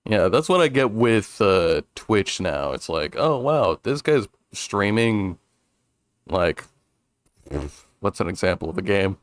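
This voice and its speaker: A man's voice: lowish voice, sing-song, slow, dry recording, clean studio sound. A male streamer chatting casually during a game, rambling with restarts and frequent chuckles. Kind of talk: casual let's-play chat.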